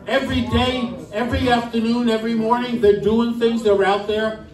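A man's voice: very high-pitched, little pitch movement, moderate pace, far from the mic. Emphatic New man speaking in an echoey room. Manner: emphatic, rhetorical questions, indignant. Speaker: speaker at a political club. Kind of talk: political speech. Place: club meeting room.

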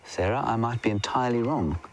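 This safari guide narrates wildlife live from the bush, upbeat and talkative, fielding viewer questions and occasionally whispering. His mid-range voice moves briskly over a low-quality recording with slight background noise.

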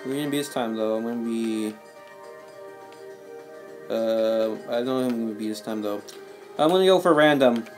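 A man's voice: medium pitch, moderate pace, long pauses, music in the background. A young man hosting a casual gaming video with a friend, rambling and often repeating his filler words. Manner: rambling, repeats "though" and "anyways". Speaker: channel host and gamer.

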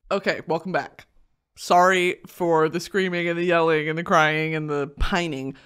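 A young adult woman hosting a podcast, ranting in a crude, comedic, animated way with bursts of shouting and laughter. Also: lowish voice. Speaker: podcast host. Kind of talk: casual comedic podcast rant.

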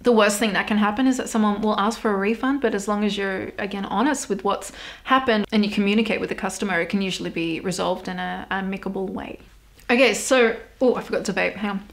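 A woman's voice: mid-range voice, quick pace. A young Australian woman hosting her own podcast, talking candidly and swearing casually, with frequent laughter. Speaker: podcast host. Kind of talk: casual solo podcast chat.

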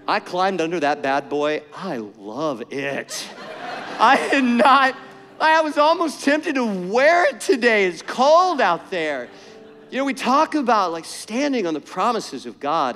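A man preaching a sermon with passion, moving between strong declarations and hushed, soft passages. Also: high voice, very animated, measured pace, in a large hall, soft background music. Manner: impassioned, swings to soft and hushed. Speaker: pastor.

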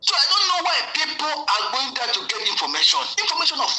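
A man's voice: very high voice, big pitch swings, fast, pushed and bright. A man, a guest giving heated political commentary, ranting with many repeats and restarts. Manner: ranting, repetitive, full of restarts. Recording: echoey room.

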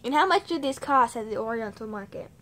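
Young woman with a cold, somewhat high voice, playful teasing roommate, faint background noise. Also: lively intonation, brisk, fairly bright tone. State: has a cold. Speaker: roommate and co-host. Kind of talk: casual chat with a friend.

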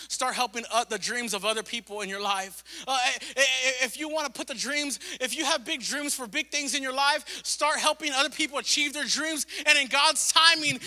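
A man's voice: very high-pitched, bright, forceful tone, big-room sound. A male pastor preaching a sermon with impassioned repetition, mixing in casual slang and asides. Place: church sanctuary.

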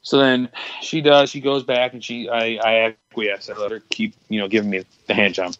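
A man's voice: on the low side, level tone, normal speed, fairly bright tone, no room sound, lo-fi sound. A young man on a podcast telling a long, candid story, rambling with many restarts and crude words. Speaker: podcast co-host. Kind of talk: casual storytelling chat.

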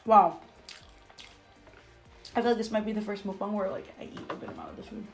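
A woman's voice: medium pitch, very animated, brisk, gravelly, faint music behind, poor audio. A young woman in her twenties, chatting casually for a food vlog, eating between sentences and saying "like" constantly. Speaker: food vlogger. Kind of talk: casual mukbang chat while eating. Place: bathroom at home.

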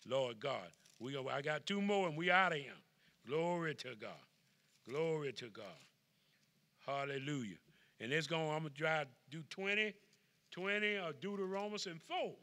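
An older man, an elder, preaching a Bible study, reading scripture slowly and stressing each phrase. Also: fairly high pitch, lively intonation, pushed and bright. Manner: call-and-response preaching, reads scripture slowly and emphatically.

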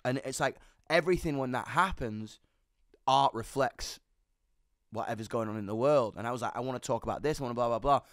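A man's voice: mid-range voice, no room sound, clean studio sound. A young man, telling a story with energy and lots of swearing in an interview. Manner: fast, animated, sweary storytelling. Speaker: musician guest. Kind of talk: candid storytelling chat.

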